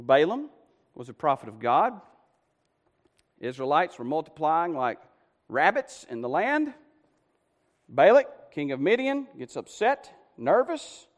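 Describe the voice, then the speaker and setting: A man preaching a sermon, telling a story in a folksy way and swinging from loud to hushed. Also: a little high, in a large hall. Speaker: pastor.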